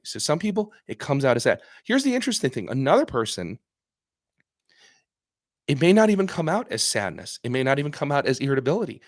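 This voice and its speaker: Host, male doctor, earnest and emphatic, mid pitch, dry close sound. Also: sing-song, fast, no echo. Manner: earnest, emphatic, repeats and restarts phrases; acts out patient voices in quotes. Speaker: psychiatrist host answering viewer questions. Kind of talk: casual live-stream talk.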